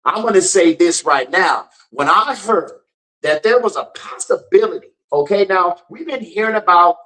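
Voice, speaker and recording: A man's voice: high-pitched, animated, normal speed, a bit bright, poor audio. A man hosting his own show, ranting in an emphatic commentary style and repeating lines for effect. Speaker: host.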